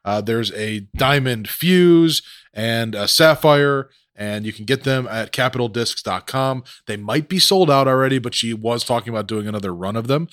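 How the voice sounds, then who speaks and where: A man hosting a casual podcast, chatty and relaxed with plenty of fillers. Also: medium pitch, normal speed, no echo, studio quality. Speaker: podcast host.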